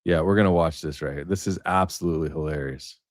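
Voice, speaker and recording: A man's voice: a bass voice, fast, no echo, studio quality. A man hosting a casual livestream, telling stories in a rambling way with many fillers. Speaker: livestream host.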